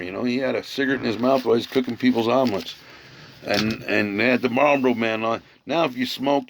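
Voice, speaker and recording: A man's voice: mid-range voice, gravelly, no room sound. A middle-aged man telling a rambling personal story, full of fillers and repeated words. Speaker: vlogger. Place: living on the road, camp.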